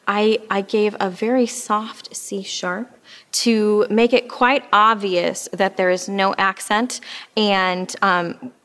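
A woman's voice: mid-range voice, steady tone, takes it slowly, fairly bright tone. A woman teaching an oboe lesson, explaining patiently and with frequent fillers. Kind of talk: instructional music lesson.

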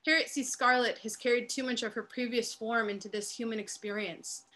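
A woman narrating stage directions in a dramatic play reading, measured and quiet. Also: fairly high pitch, steady tone. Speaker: playwright reading her work.

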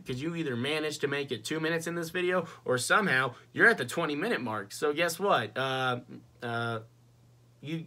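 A man's voice: fairly high pitch, sharp tone. A young man ranting casually and profanely in a movie review vlog, exasperated. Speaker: vlogger.

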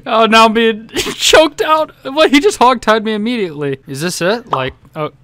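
A young man giving excitable, laugh-filled commentary while playing a game. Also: very high-pitched, normal speed, dry recording. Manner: excitable, laughing, shouting reactions. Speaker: gaming YouTuber. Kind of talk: let's-play commentary.

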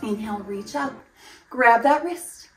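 A woman's voice: a little high, a little slow, fairly bright tone. A woman teaching a family yoga flow, cheerful and encouraging, singing some of her cues. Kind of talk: guided kids' yoga with singing. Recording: roomy, mic at a distance, music underneath.

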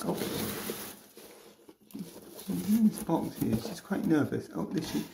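A woman giving a casual tour of her pet ferrets, jumping into a high sing-song voice to greet them. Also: sing-song, moderate pace, gravelly, background noise. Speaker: pet vlogger.

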